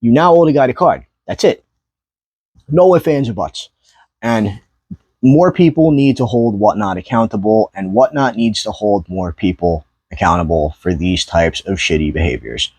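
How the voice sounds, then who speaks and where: A man's voice: lowish voice, moderate pace, a little mellow, breathy edge, no echo. Fired-up man ranting into a dry mic. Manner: angry, profane rant with rising outbursts. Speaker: YouTuber ranting about trading card sellers. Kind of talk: heated commentary vlog.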